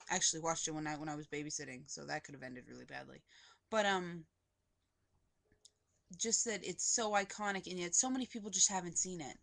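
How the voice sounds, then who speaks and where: A woman's voice: lowish voice, fairly bright tone. A young woman vlogging a casual movie review from home on a webcam, gushing and rambling with lots of "like". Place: indoors at home, poorly lit.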